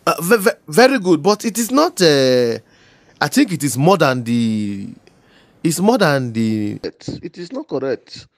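Woman doing a scam guy pretending to be a banker, low lively voice, stammers when rattled. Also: measured pace, no echo, full character voice. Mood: flustered. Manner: coaxing, flustered, stammering. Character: scheming male phone scammer posing as banker. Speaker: comedy skit actor. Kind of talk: comedy skit acting.

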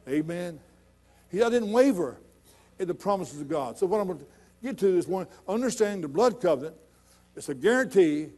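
A middle-aged man preaching a sermon in a church, folksy and conversational, building to loud emphatic points. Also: sits high. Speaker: pastor.

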